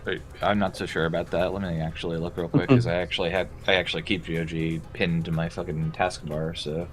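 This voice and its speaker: A man's voice: low-pitched, level tone, quick pace, soft background music. A man chatting in voice chat, matter-of-fact, chiming in with details. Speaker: friend in voice chat. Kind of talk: casual chat.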